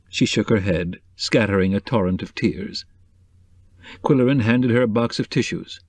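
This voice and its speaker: A man narrating a novel in a measured, even way. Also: on the low side, no echo. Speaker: audiobook narrator. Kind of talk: scripted narration.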